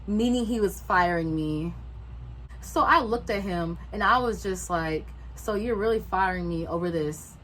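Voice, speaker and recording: A young woman vlogger telling a storytime, swearing freely and acting out everyone's lines in lively voices. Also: mid-range voice, unhurried, slight background noise, poor audio. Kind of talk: storytime vlog.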